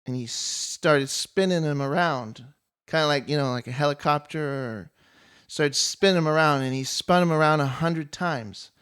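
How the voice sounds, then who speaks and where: A man casually retelling a story from an old epic, with a relaxed, chuckling manner and many fillers. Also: a little high, normal speed, clean tone.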